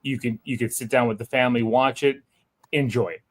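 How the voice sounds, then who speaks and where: A man's voice: mid-range voice, steady tone, brisk. A middle-aged man hosting a podcast, talking earnestly and growing indignant as he reads reviews. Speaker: podcast host. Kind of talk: casual chat.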